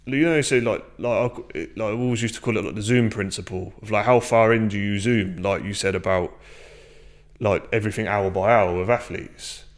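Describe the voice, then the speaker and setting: A man's voice: on the low side, fairly even intonation, fairly quick. A man, a strength and conditioning coach, talking casually and bluntly on a podcast, swearing freely and acting out conversations. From England.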